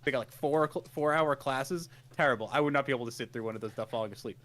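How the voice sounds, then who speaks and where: Racing along in a mid-range, slightly bright voice, a man recaps anime episodes while co-hosting a laid-back review podcast. He keeps starting over, wanders in his telling, and chuckles at how he's describing things.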